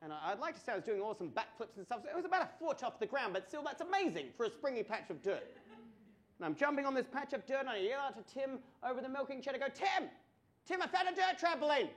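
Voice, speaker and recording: Aussie guy doing standup, kinda high voice, swears a lot, trips over his words then gets loud on the punchlines. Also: slight background noise. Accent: Australian. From Australia. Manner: profane, stammering restarts, builds to loud punchlines. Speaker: stand-up comedian. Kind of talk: stand-up storytelling. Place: comedy club stage before a laughing audience.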